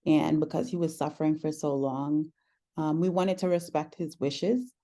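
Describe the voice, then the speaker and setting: A woman with a low, mellow voice tells a personal story in an unhurried conversation. She is earnest and reflective, pausing often with soft "um"s as she gathers her thoughts. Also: fairly even intonation. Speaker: podcast host sharing her story as guest.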